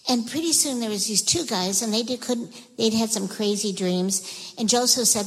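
Lively woman telling kids a Bible story. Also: on the high side, normal speed, slightly rough. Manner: lively, expressive, talks straight to the kids. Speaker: children's Bible teacher. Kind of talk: animated Bible storytelling for children. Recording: echoey hall reverb.

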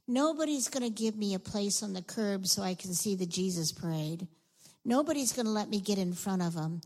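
A woman's voice: mid-range voice, lively intonation, fairly quick, a little mellow, in a large hall, low-quality recording. A woman voicing a scheming, greedy little tax collector.

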